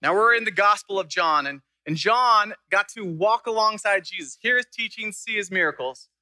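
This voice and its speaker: Young male pastor, high and bright voice, animated storytelling sermon, dry close sound. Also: moderate pace, dry recording, rough recording.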